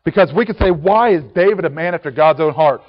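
Earnest preacher in a reverberant hall. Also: male voice, a little high, fast. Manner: earnest, reads scripture aloud in King James wording. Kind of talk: sermon. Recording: dull sound with long reverb.

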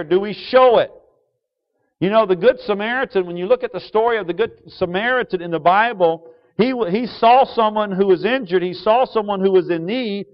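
A man preaching a sermon to a congregation, asking them questions and switching from loud emphasis to quiet asides. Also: high voice. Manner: call-and-response questions to the congregation. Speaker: pastor. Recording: dull lo-fi sound.

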